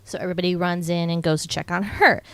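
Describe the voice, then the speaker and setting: A young adult woman co-hosting a podcast, casually recapping a film and acting out characters' lines in quick put-on voices. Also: on the low side, steady tone, clean tone, no echo. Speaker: podcast co-host.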